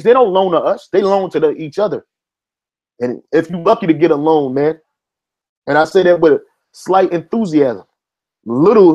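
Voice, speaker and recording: Brief: man with a somewhat high, warm voice, preaching loosely over a read-aloud article. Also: muffled recording. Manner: street-casual, peppers lines with "man"; stops to reread passages and argue back. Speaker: religious commentator. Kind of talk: informal preaching while reading an article aloud.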